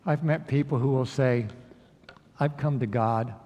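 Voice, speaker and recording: Pastor preaching in a reverberant hall. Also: male voice, medium pitch, a little slow, warm tone. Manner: storytelling with acted quotes, asks the congregation questions. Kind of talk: sermon. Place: church sanctuary.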